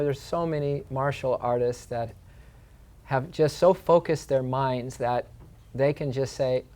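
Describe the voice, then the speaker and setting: A man's voice: mid-range voice, a little mellow. A man co-host giving a spiritual talk, reflective and repeating key phrases for emphasis. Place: yoga studio.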